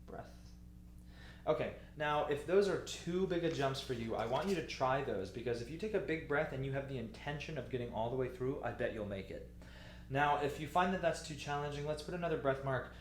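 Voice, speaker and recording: A man teaching the alto part of a choir piece, explaining the markings patiently and speaking the lyrics slowly. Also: medium pitch, reverberant, slight background noise. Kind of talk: music lesson walkthrough.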